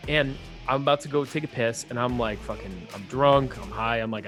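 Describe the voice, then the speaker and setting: A young man on a casual podcast, telling a story with lots of swearing and acting out voices with big jumps in pitch. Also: brisk, few pauses, fairly bright tone, faint music behind. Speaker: podcast co-host.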